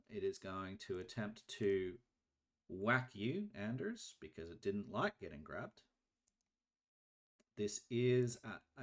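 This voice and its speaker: A man narrating as game master of a tabletop game, explaining the rules step by step in a measured way. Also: lowish voice. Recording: live stream.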